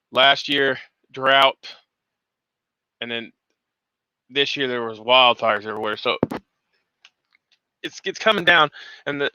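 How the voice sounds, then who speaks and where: A man's voice: mid-range voice, sharp tone, smooth, dry recording. A man hosting a casual morning talk show, rambling and cursing freely with many restarts. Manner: rambling, profane, restarts often. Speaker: podcast host.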